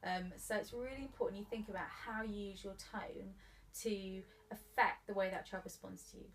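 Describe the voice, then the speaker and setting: A woman giving calm, clear advice on handling children's behaviour in an interview, in an instructive way, a little away from the mic. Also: medium pitch, normal speed, far from the mic, slight background noise.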